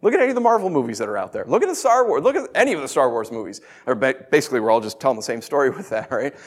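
Racing along in a mid-range voice, a man delivers a sermon in a lively, conversational manner. He keeps asking rhetorical questions.

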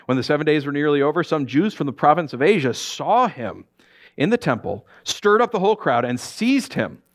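This middle-aged man, pitched on the high side, preaches as a pastor. His sermon is full of animated, jokey storytelling and rapid character voices.

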